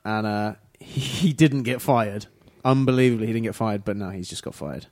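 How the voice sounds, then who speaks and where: A man's voice: lowish voice, normal speed, a little mellow. Wry British man in casual banter. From Britain.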